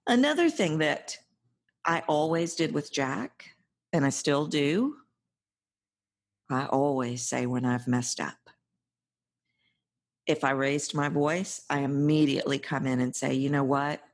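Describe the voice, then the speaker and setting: Low, husky-voiced woman giving parenting advice. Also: takes it slowly, pauses often. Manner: earnest, coaching, emphatic. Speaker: parenting podcast host. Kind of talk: advice monologue.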